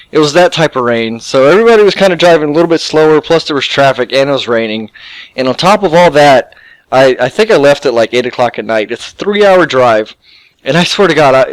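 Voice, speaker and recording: A young man casually telling a long, rambling, profane story to his viewers, animated and full of fillers. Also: mid-range voice, clear, resonant tone, no room sound, poor audio. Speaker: gaming YouTuber.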